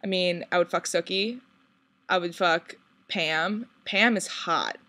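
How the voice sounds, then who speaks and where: A young woman who vlogs on a shared channel answers viewer questions in a casual video, giggling, swearing freely, and rambling with lots of "like." Her voice is on the low side, slow, and sharp in tone.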